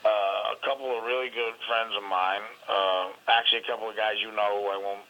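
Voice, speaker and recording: A man's voice: lowish voice, fairly even intonation, fairly quick, dull audio. A middle-aged man, a comedian guest, telling rambling, frank, self-mocking stories in an interview. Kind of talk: candid storytelling interview.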